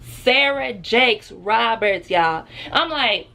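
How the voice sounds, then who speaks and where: Slow, gravelly woman near tears. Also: medium pitch. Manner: chatty, addresses viewers as y'all, emotional. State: close to tears. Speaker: vlogger. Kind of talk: heartfelt casual vlog talk.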